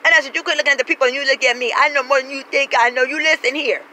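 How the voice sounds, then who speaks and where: A woman's voice: sits high, fairly even intonation, very fast, bright, forceful tone, slight background noise, rough recording. A woman telling a profane comic story in a brash, sassy, street-talking way, acting out everyone she quotes. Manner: brash, swears constantly, acts out every quoted voice.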